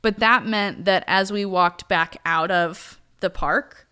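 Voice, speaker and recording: A woman co-hosting a podcast, telling a personal story in a casual, animated way and laughing often. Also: mid-range voice, slow pace, smooth. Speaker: podcast co-host.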